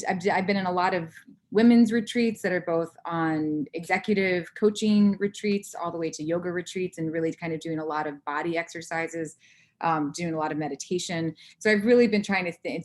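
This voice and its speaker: Woman, 30s, conference speaker, candid, animated, lowish voice. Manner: animated, candid, acts out her own inner voice. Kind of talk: personal talk to an audience.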